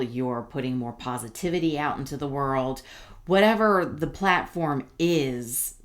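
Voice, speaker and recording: A middle-aged woman giving a casual tarot reading, rambling and reassuring with many fillers and restarts. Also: deep voice. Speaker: tarot reader.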